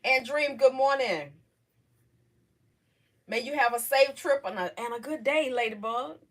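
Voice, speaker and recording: Direction A middle-aged woman, emotional and halting, hosting a livestream. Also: sits high, a bit bright. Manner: emotional, halting, talks straight to viewers. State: on the verge of tears. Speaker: livestream host. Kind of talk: casual livestream chat.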